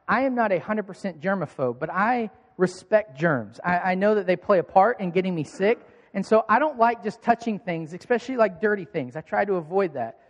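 High voiced guy pastor telling a funny story at church, big reverb. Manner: storytelling, self-mocking, lively. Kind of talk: sermon. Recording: long hall reverb.

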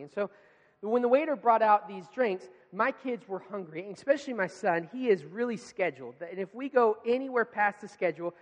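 A man's voice: very high-pitched, big-room sound. A man in his thirties, a pastor telling a family story in a sermon, acting out his children's voices.

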